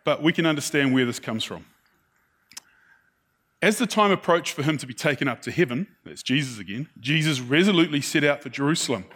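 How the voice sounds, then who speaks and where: Preacher, man, slightly high-pitched, relaxed conversational sermon delivery that often checks in with the congregation. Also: fairly quick. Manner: conversational, keeps checking in with the listeners; acts out the people he describes.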